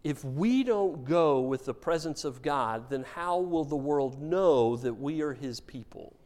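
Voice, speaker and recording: A man preaching a sermon as pastor, telling stories with wry humor in an animated way. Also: a little high, measured pace.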